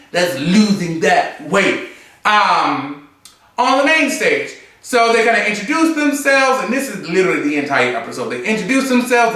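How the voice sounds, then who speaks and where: A man chatting through a review in a campy, sassy manner, his voice high and bright. It rings out in a very echoey room, picked up from a little way off the mic. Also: far from the mic. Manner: campy, sassy, animated, full of asides and mimicry. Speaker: drag show reviewer. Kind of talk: casual review chat. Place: room, seated on a stool.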